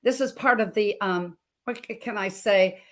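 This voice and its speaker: A middle-aged health coach from Montana appears as a talk show guest, telling her personal story with emphasis and feeling. Her voice sits at a medium pitch and moves at a normal speed.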